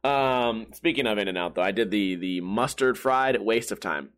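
This podcast host speaks at a normal pace in a fairly low, slightly bright voice. Recording from a room at home, he delivers a profane, joking rant full of exaggerated stories and put-on voices.

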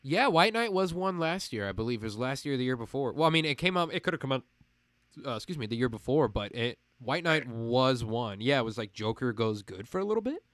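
A man hosting a podcast, talking in a rambling, animated way with a faint Midwestern American accent over a video call. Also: medium pitch, fairly quick, no room sound. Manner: animated, rambling, laughs often. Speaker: podcast host and voice actor. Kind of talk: casual chat.

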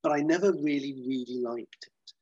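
Casual film review talk from a male podcast co-host, delivered at a moderate pace with no echo but a muffled recording quality. He's animated, mimicking quotes in high, silly voices.

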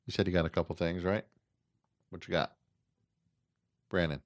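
Podcast co-host, man, very deep voice, dry room, goofy and teasing. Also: level tone, normal speed, dry recording. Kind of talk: casual chat.

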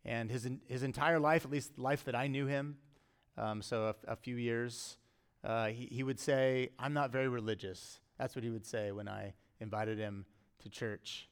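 A man's voice: mid-range voice, steady tone, normal speed, smooth. Earnest male pastor preaching conversationally. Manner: earnest, conversational preaching with emphatic rises and quiet drops. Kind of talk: sermon.

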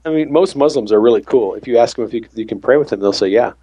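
A man who works on an ambulance tells a faith story from the job, acting out the dialogue as he goes. His mid-range voice is warm and quick, and the recording sounds lo-fi.

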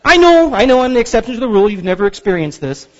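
A man in his thirties preaching a sermon as pastor, telling stories with animated, playful outbursts. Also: very high voice, very fast. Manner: animated storytelling, acts out frustration with loud outbursts. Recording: dull sound with long hall reverb.

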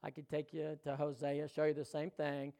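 A male pastor preaching a sermon, swinging between loud exhortation and hushed, intimate talk and putting questions straight to the congregation. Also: fairly high pitch, completely flat delivery, normal speed, vocal fry.

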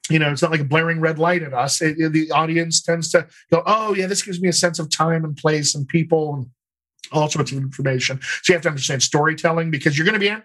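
A man working as a dialect coach, answering interview questions in an explanatory, animated way and laughing easily. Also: fairly high pitch, low-quality recording.

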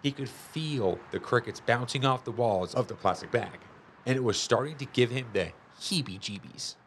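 A man reading a children's chapter book aloud in a lively, expressive storytelling manner. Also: mid-range voice, normal speed, slight background noise. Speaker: storybook reader. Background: music.

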